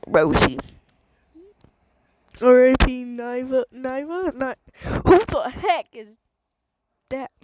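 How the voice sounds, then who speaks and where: A woman's voice: sits high, slow pace, long pauses, a little hiss or hum, rough recording. A woman chatting casually while playing a game, giggling often and speaking into a handheld microphone. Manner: giggly, excitable, laughs a lot. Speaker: gaming streamer.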